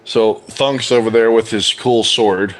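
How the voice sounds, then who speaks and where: A man's voice: on the low side, fairly even intonation, measured pace. A man narrating as game master of a tabletop game, laughing often and teasing his players.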